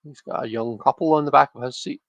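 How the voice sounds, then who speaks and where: A man in his thirties rambles through a casual livestream chat with viewers, circling back and restarting his sentences. His voice has a gravelly, fry-laden texture and sits at an ordinary pitch. The sound is dry and close, with almost no room echo. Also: fast. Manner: rambling, chatty, many restarts and fillers. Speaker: tarot livestream host.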